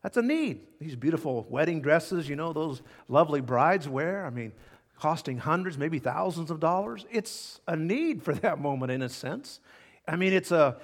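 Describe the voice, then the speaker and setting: Man, pastor preaching, slightly high voice, long hall reverb, emphatic with loud and hushed swings. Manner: emphatic, repeats key words with dramatic swings from loud to hushed. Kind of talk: sermon.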